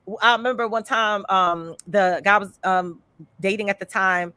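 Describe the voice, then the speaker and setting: Woman podcast host, candid storyteller, chatty and animated, dry close sound. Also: mid-range voice, a little fast, no room sound. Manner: animated, chatty, frequent "you know" and "like". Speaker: podcast host and life coach.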